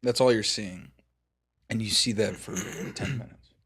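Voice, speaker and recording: A young man co-hosting a casual podcast chat, swearing freely and breaking into loud mock outbursts. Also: fairly low pitch, unhurried, husky. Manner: animated, profane, bursts into loud mock outbursts. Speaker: podcast co-host.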